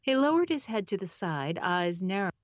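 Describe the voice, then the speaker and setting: A woman's voice: medium pitch, sing-song, moderate pace, dull audio, noisy background. A woman narrating a novel on a live stream, often stopping to re-read lines and laughing at her own slips. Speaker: audiobook narrator.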